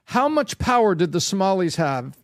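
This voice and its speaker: A man's voice: high voice, very animated, moderate pace, dry recording, clean studio sound. A man in a heated podcast discussion, emphatic and repeating words for effect. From Canada. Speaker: political commentator, podcast guest.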